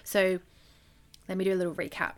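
A woman hosting her own coaching podcast, speaking earnestly and loosely, with lots of "like" and gentle encouraging advice. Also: lowish voice, a little fast. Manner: earnest, loose and conversational with frequent "like". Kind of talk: solo podcast talk.

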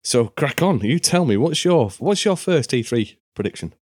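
A man's voice: medium pitch, sing-song, moderate pace, darkish tone, husky, no room sound, clean studio sound. A man co-hosting a casual podcast over a voice call, wry and teasing, laughing at his own jokes. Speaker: podcast co-host. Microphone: online voice call.

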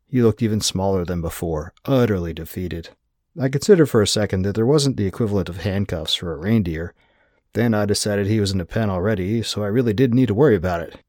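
Low-voiced male audiobook narrator. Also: darkish tone, no echo, studio quality. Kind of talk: scripted first-person narration.

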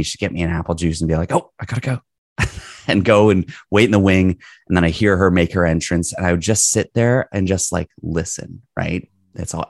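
Man around forty, very deep and gravelly, animated rambling storyteller, close dry recording. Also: no echo. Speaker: guest. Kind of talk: storytelling in casual conversation.

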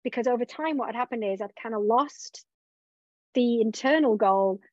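A woman's voice: on the high side, normal speed, no echo. A woman business coach being interviewed, talking openly and reflectively about her own journey, often voicing her own past thoughts aloud. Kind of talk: candid conversational interview. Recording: dull, dry lo-fi recording.

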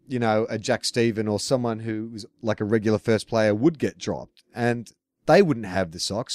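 A man co-hosting a sports podcast, chatting and reading a listener letter in a laid-back, low-key way. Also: no echo, studio quality. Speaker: podcast co-host.

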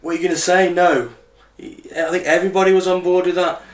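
A man's voice: sits high, flat delivery, a little fast, reverberant. A man co-hosting a podcast in casual chat, easygoing and trusting. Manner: easygoing, trusting, says "innit". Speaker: podcast co-host.

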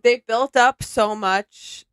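A woman's voice: fairly high pitch, takes it slowly, fairly bright tone, clean tone, no echo. A young woman co-hosting a casual comedic chat, sarcastic, often mimicking people in mocking voices. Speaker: podcast co-host.

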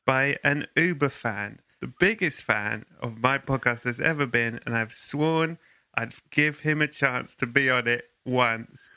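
A man hosting a comedy podcast, talking with deadpan, mock-grandiose delivery into a close studio mic. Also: medium pitch, measured pace, dry recording. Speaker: podcast host. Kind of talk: comic podcast chat.

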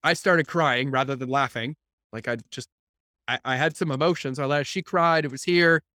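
Animated man on a dry call. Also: mid-range voice, normal speed, dry recording. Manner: animated storytelling with acted-out quotes; blunt, swears casually. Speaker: podcast host speaking to entrepreneurs. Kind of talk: casual talk to a group on a call. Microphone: video call.

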